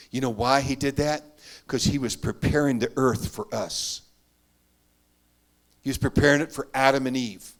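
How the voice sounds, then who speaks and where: A man preaching a sermon, telling his story earnestly, rising to loud emphatic bursts and dropping to hushed asides. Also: mid-range voice. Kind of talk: sermon testimony.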